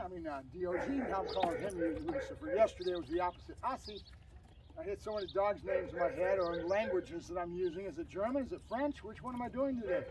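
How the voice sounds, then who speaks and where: A man's voice: high-pitched, fairly quick. A man who is a dog trainer, chatting casually to the camera and praising his puppy in short bursts. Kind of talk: casual training vlog with commentary. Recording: distant mic with loud background noise.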